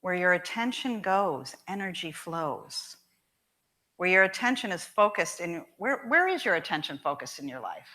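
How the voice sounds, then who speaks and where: A woman minister preaching a sermon in a church, emphatic and expressive, repeating key lines slowly for weight. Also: on the low side. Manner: emphatic and expressive, with measured repetition. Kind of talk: sermon with storytelling. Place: church sanctuary.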